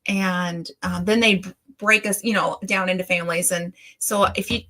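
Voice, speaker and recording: A woman's voice: lowish voice, fairly even intonation, moderate pace, bright, forceful tone. A middle-aged woman, hosting a casual livestream and greeting viewers by name in a chatty way. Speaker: livestream host. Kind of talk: casual live chat.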